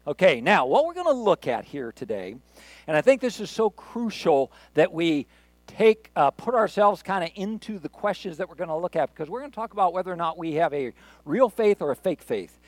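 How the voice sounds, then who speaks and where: A high-voiced man preaching a sermon, mixing scripture with self-mocking jokes in an easy conversational way. The sound is close and dry, with no room around it. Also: very animated, a little fast, dry recording. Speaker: pastor.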